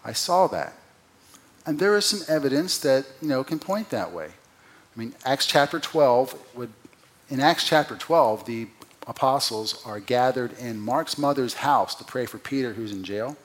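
A man preaching an expository sermon, who asks the listeners rhetorical questions and swings from loud emphatic peaks to quiet, low drops. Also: lively intonation, normal speed. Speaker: pastor.

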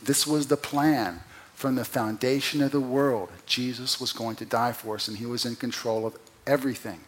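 A man preaching an expository sermon, who asks the listeners rhetorical questions and swings from loud emphatic peaks to quiet, low drops. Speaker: pastor.

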